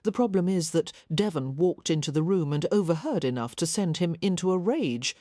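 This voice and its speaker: A woman's voice: on the low side, animated, moderate pace, mellow, dry recording, clean studio sound, natural voice. Kathleen, a woman voicing a frank young matron. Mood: reasoning. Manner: practical, frank. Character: pragmatic caring young Victorian matron.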